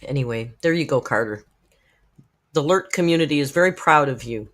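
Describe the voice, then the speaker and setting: A middle-aged woman chats casually to her live-stream viewers, frank and quick to swear. Her pitch rises and falls in wide, animated swings. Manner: frank, profane, chatty, talks straight to viewers in the chat. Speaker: live-stream host reacting to videos.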